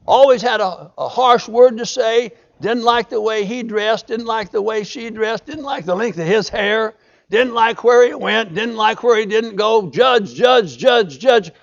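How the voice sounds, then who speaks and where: A man's voice: high-pitched, unhurried, creaky, muffled recording. An older man preaching a sermon, building emphasis with repeated phrases. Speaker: pastor.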